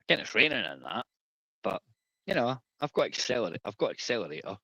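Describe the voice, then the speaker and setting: A man's voice: on the low side, very animated, quick pace, gravelly, sharp tone, slightly rough, dry recording, lo-fi sound. A Scottish man hosting a live stream, rambling casually and swearing freely.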